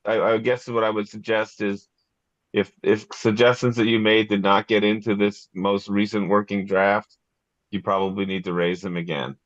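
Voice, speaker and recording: A very deep, gravelly man leads a town planning meeting, restarting his sentences often. The sound is dull and dry, like a plain meeting-room recording. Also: flat delivery, dry recording. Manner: halting, repeats words. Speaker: board chair running a meeting. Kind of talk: casual meeting discussion.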